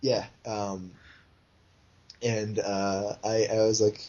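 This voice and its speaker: A man co-hosting a casual podcast chat, deep and smooth, halting with many fillers. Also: little pitch movement, mellow, dull audio. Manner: halting, lots of fillers and restarts. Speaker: podcast co-host.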